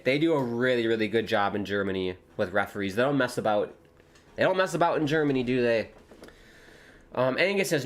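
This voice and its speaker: A man hosting a live football watchalong from home, calling the action casually, joking and reading viewer comments aloud, loud and excited at near misses. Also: mid-range voice. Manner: chatty, jokey, reads viewer comments aloud, gets loud at chances. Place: home with dogs nearby.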